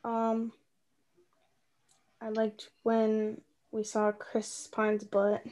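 A woman's voice: a little high, completely flat delivery, drawn-out words, mellow. Woman co-host, casual movie chat, playful and rambling. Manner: chatty, playful, many likes and restarts.

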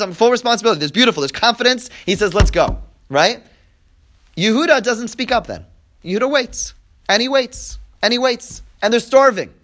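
A man's voice: high voice, fairly bright tone. A man teaching a text-study class, who reads verses aloud, translates them line by line, acts out the quoted speakers and keeps checking in with his listeners. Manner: explains step by step and checks in with "right?". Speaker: Bible teacher.

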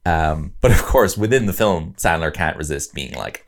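A man's voice: extremely low pitch, moderate pace. A man co-hosting a podcast, chatting casually about a film, swearing freely and acting out quotes. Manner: animated, swearing, mimics quotes in exaggerated voices. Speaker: podcast co-host.

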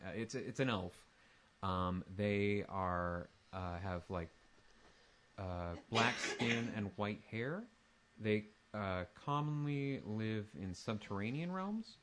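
A man's voice: fairly low pitch, fairly bright tone. A man narrating as dungeon master, rambling with lots of fillers and restarts. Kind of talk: tabletop game narration.

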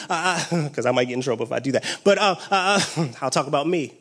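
A man preaching a sermon with excited exclamations and call-and-response energy. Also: on the high side, a little fast, few pauses.

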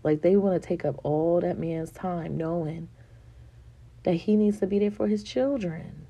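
Low, gravelly-voiced woman venting candidly. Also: measured pace, dark tone, muffled recording. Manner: frank and rambling, with frequent swearing and fillers. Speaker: vlogger.

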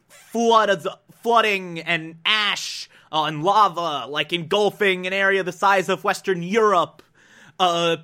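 Male reviewer, casual rambling talk, bright and slightly high voice, easily excited. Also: clean tone. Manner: excitable, rambling, laughs often, lots of fillers. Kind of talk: casual enthusiastic commentary.

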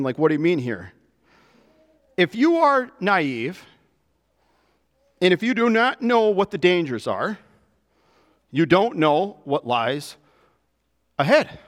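A man preaching a sermon to his church, with animated delivery that rises and drops to soft, emphatic lows. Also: takes it slowly, pauses often, big-room sound. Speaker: pastor.

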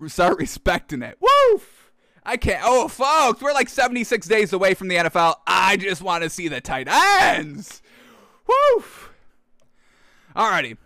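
A high-voiced man with a sharp, smooth tone hosts a sports talk show, ranting with hyped, excitable energy and calling his audience "folks." The recording is dry and clean, made in a studio with a backdrop.

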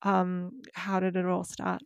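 Brief: New woman host, gravelly fry in the voice, warm encouraging interviewer, close dry mic. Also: on the low side, monotone, takes it slowly, no echo. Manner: encouraging, friendly, hesitant "um" before questions. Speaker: podcast host. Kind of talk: casual interview.

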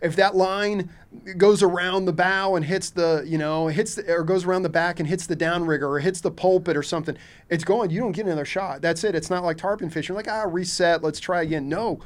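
A man's voice: high-pitched, brisk. A man from Kentucky, a charter fishing captain, telling stories casually with lots of laughter and restarts. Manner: animated, laughs often, frequent restarts and filler. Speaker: shark fishing charter captain, podcast guest. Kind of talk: casual storytelling.

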